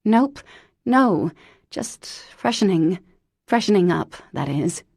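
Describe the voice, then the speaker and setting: A woman's voice: deep voice, expressive, unhurried, dark tone, husky, no echo, studio quality, heavily acted. A woman voicing a flustered, stammering wealthy young woman in an audiobook. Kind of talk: audiobook character dialogue.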